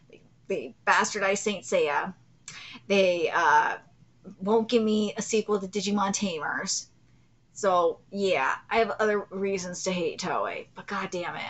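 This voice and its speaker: A woman in her thirties hosting a live reaction video, swinging from loud gasping excitement to low, swearing rants. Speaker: channel host reacting to a manga chapter.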